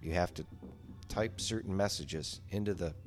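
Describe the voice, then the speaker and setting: A man's voice: low-pitched, moderate pace, soft background music. A middle-aged man chatting casually as a podcast guest, rambling with many restarts and salty language. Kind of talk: casual chat.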